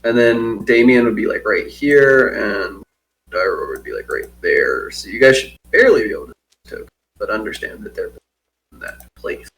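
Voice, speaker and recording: A man's voice: on the low side, expressive, normal speed, a bit bright, rough recording. A man acting as game master, casually directing players in an online tabletop game.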